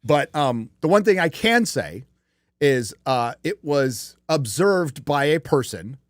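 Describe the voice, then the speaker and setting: A man's voice: a little high, very animated, slow, no echo, clean studio sound. Rambling, profane male stream host. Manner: rambling and profane, with many fillers and restarts. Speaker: podcast host. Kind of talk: casual live-stream chat.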